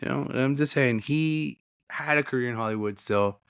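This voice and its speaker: A man's voice: mid-range voice, moderate pace, a bit bright, smooth, no room sound, clean studio sound. A man co-hosting a casual comics podcast, rambling and joking, slipping into silly voices now and then. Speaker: podcast co-host. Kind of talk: casual chat.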